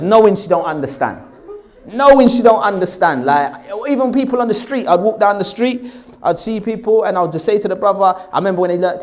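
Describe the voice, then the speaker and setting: Animated man telling his story. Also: high-pitched. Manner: animated, self-mocking, acts out dialogue. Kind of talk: storytelling talk.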